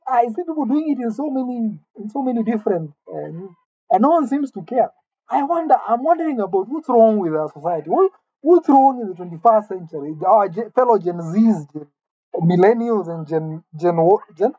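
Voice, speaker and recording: A woman delivering a mock-serious comic rant, indignant and halting, often repeating her words. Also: a little high, lively intonation, warm tone, husky, no room sound, lo-fi sound. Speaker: comedic vlogger.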